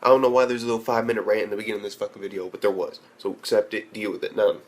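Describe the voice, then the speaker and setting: Rapid-fire and fairly even in intonation, this young man's fairly low voice tears into an anime, loaded with profanity. His review rambles, with frequent restarts, and he doesn't soften anything.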